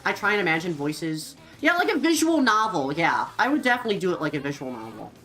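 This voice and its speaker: Young woman streamer rambling to chat, pitch jumps all over, soft music behind. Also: quick pace, low-quality recording. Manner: rambling, filler-heavy, lively. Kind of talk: casual chat with viewers.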